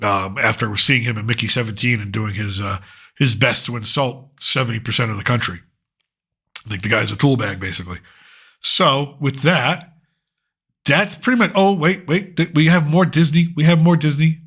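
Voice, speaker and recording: A man's voice: mid-range voice, moderate pace, a bit bright, slightly rough. A middle-aged man hosting a pop culture commentary show, ranting sarcastically and swearing freely. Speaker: host.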